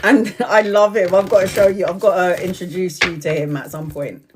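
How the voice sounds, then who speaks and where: A woman's voice: lowish voice, steady tone, moderate pace, noisy background. Giggly woman reading tarot. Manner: chatty, laughs often, giggly. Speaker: tarot reader. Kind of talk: live-streamed tarot reading chat.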